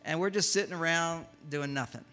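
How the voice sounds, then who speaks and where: An older man giving a humorous lecture to a live audience, an animated storyteller who acts out the lines he quotes. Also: fairly high pitch, fairly quick, faint music behind. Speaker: speaker giving a talk.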